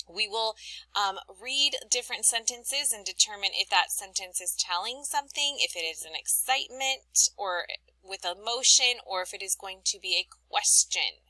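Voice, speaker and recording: A woman teacher speaks to young children in a recorded lesson, with a bright, clear voice. Her pitch rises and falls a lot as she reads her examples with plenty of expression. The sound is dry and close. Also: no echo, low-quality recording. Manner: clear, expressive reading aloud to young learners.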